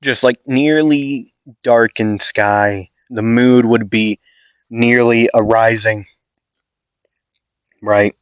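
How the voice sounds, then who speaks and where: A man's voice: mid-range voice, steady tone, slow, pauses often, no room sound, dull audio. A young man casually improvising a fan story, rambling with many fillers and restarts.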